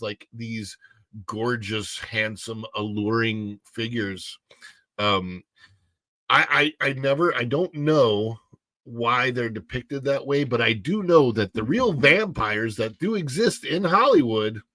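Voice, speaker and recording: A man's voice: fairly low pitch, a bit bright, no room sound. Rambling middle-aged male livestream host. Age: 50s. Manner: rambling and self-deprecating, full of fillers. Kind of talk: casual livestream chat.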